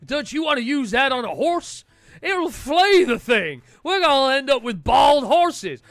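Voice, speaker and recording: A man's voice: extremely high pitch, sing-song, unhurried, a bit bright, dry recording, studio quality, full character voice. A man voicing an exasperated, weary male outlaw who pleads and complains in a drawling way.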